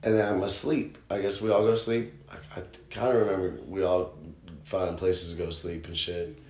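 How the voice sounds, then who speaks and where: A man hosting a podcast, telling stories in a rambling, profane, casual way that gets animated. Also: low-pitched, a little fast, echoey room. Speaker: podcast host. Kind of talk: casual storytelling chat.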